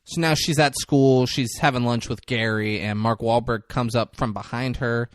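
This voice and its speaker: A man's voice: mid-range voice, dry recording, studio quality. A man co-hosting a casual podcast, recapping a film scene by scene and acting out bits of dialogue. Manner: animated, acts out scenes in quick voices. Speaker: podcast co-host. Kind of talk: casual movie recap chat.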